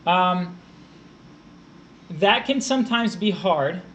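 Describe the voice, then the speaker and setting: A man's voice: high-pitched, expressive, slow pace, a bit bright, a little hiss or hum. A man tutoring test prep on a live stream, explaining grammar step by step while answering his chat.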